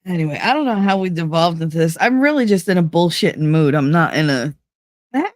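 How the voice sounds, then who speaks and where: A woman's voice: on the low side, expressive, fast, no room sound, studio quality. A middle-aged woman hosting a casual live stream, talking candidly and profanely, laughing often and acting out voices of people she quotes. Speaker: livestream host.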